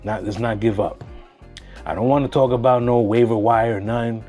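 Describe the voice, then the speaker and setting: A man casually talking through sports picks on his own channel, slangy and animated, dropping Spanish phrases. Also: medium pitch, moderate pace, faint music behind. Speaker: sports vlogger.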